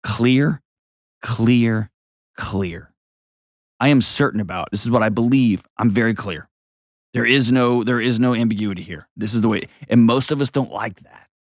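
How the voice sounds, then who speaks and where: Middle-aged male advice host, mid-pitched, blunt and emphatic, in a dry booth. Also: a little fast, no echo. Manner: blunt, emphatic, repeats short commands. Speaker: show host. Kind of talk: opinionated advice commentary.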